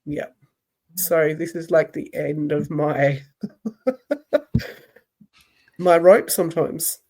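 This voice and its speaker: A woman co-hosting a casual podcast, reflective and quick to laugh. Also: low voice, warm tone. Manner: slow, reflective, laughs often. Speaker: podcast co-host. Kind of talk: casual chat.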